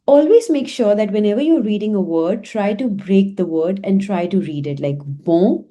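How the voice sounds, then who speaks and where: A young woman teaching a lesson, repeating each word slowly and breaking it into syllables. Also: mid-range voice, expressive, warm tone. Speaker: French teacher. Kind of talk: slow language lesson.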